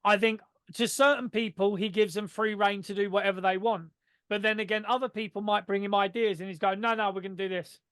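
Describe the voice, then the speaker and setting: A man with a notably high voice chats on a podcast in a very dry, close-miked sound. He is animated and sweary, piling on fillers. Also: brisk, clean tone, no room sound. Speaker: podcast co-host. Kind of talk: casual chat.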